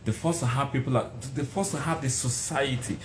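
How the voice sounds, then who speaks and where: Male motivational speaker, passionate and building, mid-pitched voice, roomy echo. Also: fairly quick, background noise. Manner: passionate, building to raised intensity. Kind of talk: motivational speech.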